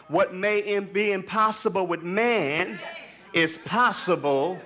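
A man's voice: high voice, a little slow, crowd noise. A male pastor preaching in a church, emphatic and rhythmic, drawing out words and leading his congregation in call and response.

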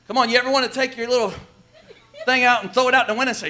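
A male pastor preaching a sermon in a folksy, emphatic way, shouting at the peaks and dropping quiet elsewhere. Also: very high-pitched, fairly even intonation, very fast.

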